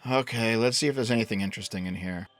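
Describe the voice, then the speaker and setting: A man's voice: on the low side, fast talker, soft background music. A young man narrating an online drama commentary in a blunt, sarcastic, exasperated way.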